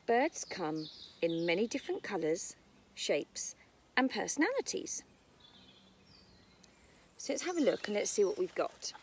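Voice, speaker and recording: A woman's voice: mid-range voice, big pitch swings, measured pace, pauses often, a little hiss or hum. A British woman who teaches nursery, reading a picture book about birds to young children outdoors in a garden, using a sing-song storytime voice. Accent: British English.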